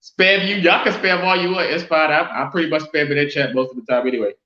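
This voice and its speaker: A man hosting a casual sports fan live stream, chatting loosely and giving viewers shout-outs. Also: a little high, steady tone, fast. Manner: casual, reads and answers chat shout-outs. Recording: roomy, dull lo-fi sound.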